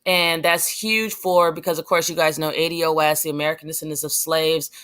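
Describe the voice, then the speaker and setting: A woman's voice: low-pitched, steady tone, brisk, a bit bright, smooth. A young adult woman giving passionate, rambling commentary on her vlog, with many fillers and restarts. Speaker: vlogger.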